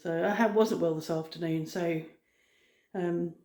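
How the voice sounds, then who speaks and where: Lady vlogging, rambly and relaxed, mellow gravelly voice, echoey room. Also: fairly low pitch, unhurried. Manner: rambling, frequent ums, soft-spoken. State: out of breath. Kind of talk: casual chat.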